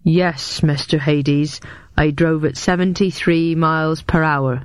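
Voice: mid-range voice, steady tone, takes it slowly, clear, resonant tone, no echo, close to an everyday voice. A narrator voicing a dim, obedient male henchman answering his boss eagerly.

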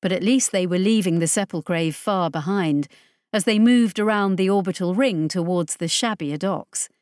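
A woman narrating a science fiction audiobook in a steady, measured way. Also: on the low side, no echo, clean studio sound. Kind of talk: scripted narration.

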